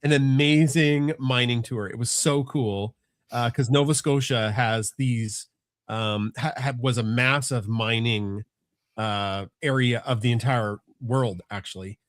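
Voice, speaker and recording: A man's voice: mid-range voice, unhurried, no room sound, clean studio sound. A middle-aged man, chatting casually on a family podcast, rambling and restarting often. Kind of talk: casual chat.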